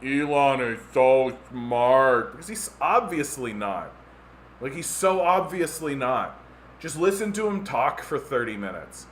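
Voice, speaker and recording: A man's voice: a little high, very animated, measured pace, fairly bright tone, a little hiss or hum. Sarcastic Canadian man ranting. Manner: sarcastic, mocking impressions, lots of "like" fillers. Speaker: podcast host. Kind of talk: casual ranting monologue.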